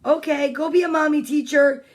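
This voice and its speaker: High-voiced playful woman reading a storybook. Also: steady tone, moderate pace. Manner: chatty, playful, drifts into side comments and whispers. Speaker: children's story reader. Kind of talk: reading picture books aloud with asides. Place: at home.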